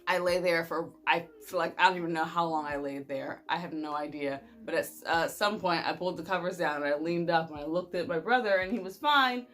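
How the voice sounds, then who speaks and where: A young woman vlogger telling a personal story in a casual, animated way, laughing often and using lots of fillers. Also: lowish voice, a little fast, few pauses, faint music behind.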